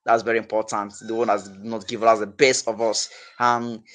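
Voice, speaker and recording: A man hosting an interview, asking questions and reflecting, with a halting delivery full of repeated words and restarts. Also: on the low side, flat delivery, fairly bright tone, low-quality recording. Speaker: interview host.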